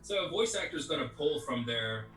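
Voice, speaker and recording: A man's voice: on the high side, expressive, moderate pace, sharp tone, faint music behind. A man who works as a voice actor, guesting in a casual interview and talking at length in a loose, rambling way. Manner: rambling, peppered with "you know what I mean". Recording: roomy echo, distant from mic.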